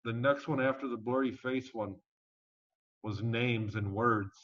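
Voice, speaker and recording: A man being interviewed as a guest, telling his story in a casual, animated and emphatic way and swearing now and then. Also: medium pitch, unhurried. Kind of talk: conversational storytelling. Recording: dull lo-fi audio.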